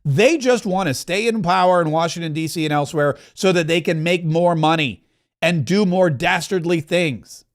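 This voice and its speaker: Man, high-pitched, political podcast host, heated opinionated rant. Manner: fast, heated ranting with asides.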